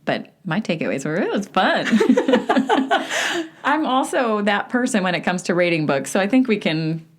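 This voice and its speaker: A Southern American woman co-hosting a casual book club podcast, chatty and quick to laugh. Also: medium pitch, sing-song. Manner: laughs often, easy and chatty. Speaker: podcast co-host.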